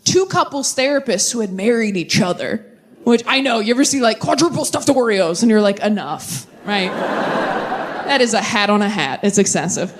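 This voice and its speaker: A young woman performing a stand-up comedy set on stage, landing deadpan punchlines and jumping to animated voices when she quotes people. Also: a little high, moderate pace, background noise. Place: comedy stage before a live audience.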